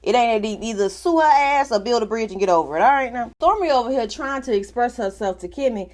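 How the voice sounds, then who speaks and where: A woman's voice: a little high, expressive, darkish tone. Sassy, blunt woman recapping reality TV. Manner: sassy and blunt, with frequent slang and swearing; acts out the cast's lines in quick voiced quotes. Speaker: reality show recap host. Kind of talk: casual TV recap commentary.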